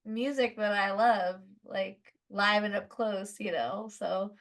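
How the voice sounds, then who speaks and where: A woman from Southern California, a guest musician telling stories on a casual podcast, animated and full of fillers. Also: medium pitch, slow pace. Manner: chatty, animated, lots of "like", laughs while telling stories.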